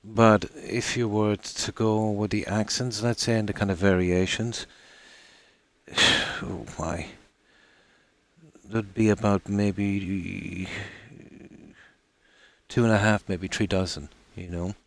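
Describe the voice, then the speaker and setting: Speaking slowly and in a level tone with long pauses, an Irish man with a strikingly deep, low voice chats to his live-stream viewers as he plays. His talk rambles casually, looping back with plenty of ums and restarts.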